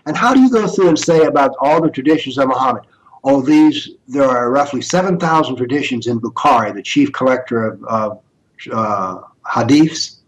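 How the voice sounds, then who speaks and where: An older man, an interview guest who writes on political Islam, lectures emphatically and poses rhetorical questions. His mid-range voice has lively intonation and runs a little fast, and the sound is lo-fi.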